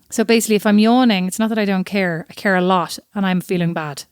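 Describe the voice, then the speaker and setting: A woman's voice: mid-range voice, smooth, dry recording, clean studio sound. Chatty woman co-hosting a podcast. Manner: chatty, animated storytelling with quick asides. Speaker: podcast co-host. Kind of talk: casual chat.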